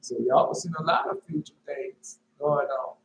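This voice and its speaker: A man preaching an informal sermon, reading scripture and asking his listeners rhetorical questions, repeating lines and jumping sharply in pitch on emphatic words. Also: wildly swooping pitch, moderate pace, creaky. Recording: echoey room with faint noise.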